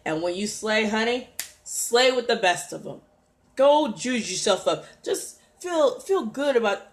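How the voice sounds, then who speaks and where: A woman's voice: a little high, expressive, unhurried. Fiery woman preaching self-love live. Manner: preachy, exhorting, greets viewers by name. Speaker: livestream host. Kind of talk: motivational livestream talk.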